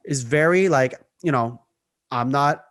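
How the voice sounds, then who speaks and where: A young man hosting a casual podcast chat, chatty and quick to laugh, often restarting his sentences. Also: medium pitch, fairly bright tone, no room sound, clean studio sound. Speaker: podcast host.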